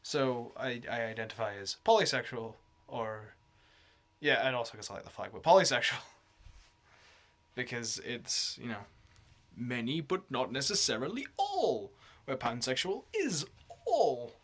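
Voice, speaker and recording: A man's voice: medium pitch, big pitch swings, unhurried, fairly bright tone. A man talking in a rambling, casual vlog, laughing often and swearing freely. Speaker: vlogger.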